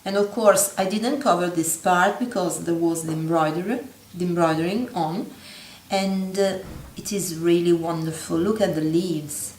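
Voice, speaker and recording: Craft vlogger, woman, unhurried and halting with fillers; roomy echo, faint ambience. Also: fairly low pitch, slight background noise. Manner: gentle, halting, many fillers and self-corrections. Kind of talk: show-and-tell craft video. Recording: echoey room with faint ambience.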